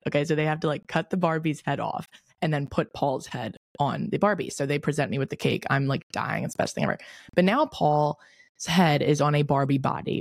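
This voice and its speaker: A woman in her twenties hosting a podcast, telling a story in a casual, animated way, full of "like" fillers. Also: deep voice, no echo, studio quality. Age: 20s. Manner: chatty, lots of "like" fillers, animated retelling. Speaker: podcast host.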